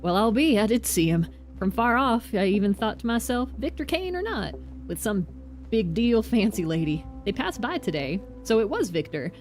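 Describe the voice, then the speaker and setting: A woman's voice: medium pitch, big pitch swings, normal speed, darkish tone, natural voice. A woman voicing a shifty drunk townsman in a put-on Southern accent, reading his lines with a drawl while game music plays. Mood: wheedling. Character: shifty drunk male townsman begging for liquor.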